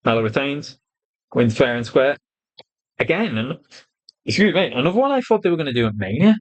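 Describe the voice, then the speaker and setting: A man's voice: medium pitch, fairly quick, low-quality recording. Sweary man reviewing wrestling. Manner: blunt, sweary, animated retelling with quoted voices. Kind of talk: casual opinionated review.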